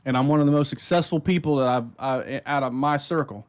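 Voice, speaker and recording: A man's voice: medium pitch, brisk, smooth. A man co-hosting a casual talk show, blunt and profane, talking with heat about being called stupid. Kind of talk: casual chat.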